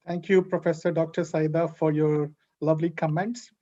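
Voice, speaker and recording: A man's voice: fairly high pitch, little pitch movement, normal speed, mellow. Polite male moderator, dull line. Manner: polite and formal. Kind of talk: moderating an online debate. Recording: dull lo-fi call audio.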